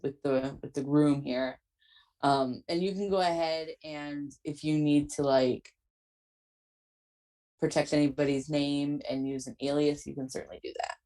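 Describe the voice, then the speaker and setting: A woman's voice: sits low, fairly even intonation, unhurried, mellow. A woman hosting a podcast, asking questions in a chatty, reassuring way. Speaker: podcast host. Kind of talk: casual interview chat.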